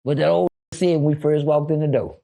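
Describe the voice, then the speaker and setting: A middle-aged man telling stories in a casual interview. He is animated and keeps switching into the voices of people from his stories. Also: on the high side, a little fast, vocal fry. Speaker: guest.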